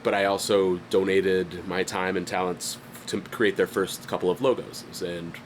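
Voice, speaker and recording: Low-voiced man rambling through a stuffy cold. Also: fairly even intonation, normal speed, a little hiss or hum. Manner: rambling, self-deprecating, frequent fillers and restarts. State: stuffy head with a light cough. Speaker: independent artist and channel host. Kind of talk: casual vlog update. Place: home studio.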